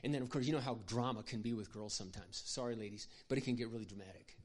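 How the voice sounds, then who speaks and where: A man giving a folksy, humorous talk to an audience of mothers, acting out little scenes and often clearing his throat. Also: lowish voice, fast. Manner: folksy, humorous storytelling with acted-out demonstrations. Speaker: Christian parenting speaker.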